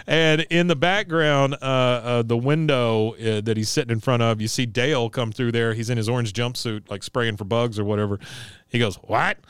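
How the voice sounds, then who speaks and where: A man's voice: mid-range voice, steady tone, normal speed, clean tone, no echo. A man co-hosting a podcast, casually recapping a cartoon episode and acting out the characters' lines. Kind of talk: casual chat.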